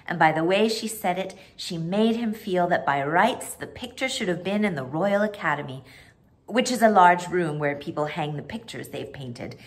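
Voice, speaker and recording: A woman reading a children's book aloud as a storyteller, expressive and animated. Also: fairly low pitch, normal speed.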